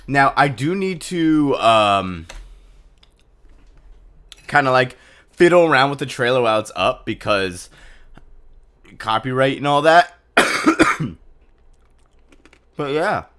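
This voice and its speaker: A man's voice: mid-range voice, animated, slow pace, long pauses, a bit bright. Chatty man streaming. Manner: loose and chatty, many fillers. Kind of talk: casual live stream chat.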